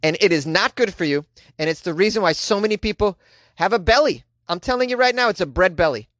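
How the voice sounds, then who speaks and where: Male comic host, slightly high voice, ranting and crude, dry close sound. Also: quick pace, no room sound. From United States. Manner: animated, ranting, crude and sarcastic. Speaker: comedy news host. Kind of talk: comedic news commentary.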